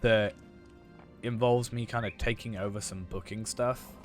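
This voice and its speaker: A young man streaming a game, chatting casually in a rambling way full of fillers and restarts, a bit hoarse. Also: fairly low pitch, fairly even intonation, unhurried, soft background music. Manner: rambling, filler-heavy, self-correcting. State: hoarse after losing his voice. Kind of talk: casual chat while gaming.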